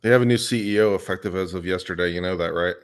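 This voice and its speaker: Easygoing low-voiced man on a panel. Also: fast talker, smooth. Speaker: panel guest. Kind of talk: casual chat.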